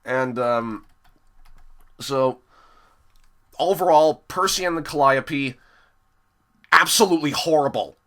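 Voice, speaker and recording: A man's voice: a little high, takes it slowly, pauses often, fairly bright tone. A young man giving an exasperated, profane review monologue, sighing heavily between complaints. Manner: exasperated and profane, with heavy sighs. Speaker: episode reviewer.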